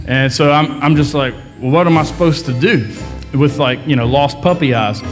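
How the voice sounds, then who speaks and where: A man's voice: medium pitch, a little fast, soft background music. A man co-hosting a casual chat, telling a story and acting out the people in it. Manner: animated storyteller, acts out quoted people. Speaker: podcast co-host.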